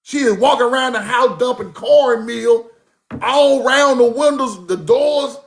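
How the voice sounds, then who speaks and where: A man with a high-pitched voice tells stories in a loose, casual monologue. He swears freely and circles back over the same points to drive them home. His delivery is animated and conversational. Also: a little slow, vocal fry. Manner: animated, profane, repeats himself for emphasis. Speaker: speaker recounting his grandmother's teachings.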